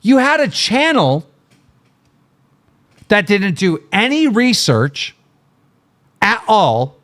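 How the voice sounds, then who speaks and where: A man's voice: high-pitched, sing-song, slow pace, fairly bright tone. A middle-aged man hosting a livestream, ranting in an angry, mocking, profane way. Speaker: livestream host.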